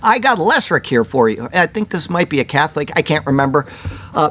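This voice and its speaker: A man's voice: fairly high pitch, very animated, brisk, fairly bright tone, a little hiss or hum. A man hosting a weekly news commentary show, chatty and opinionated, with rambling personal asides. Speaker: host of a weekly prophecy news report.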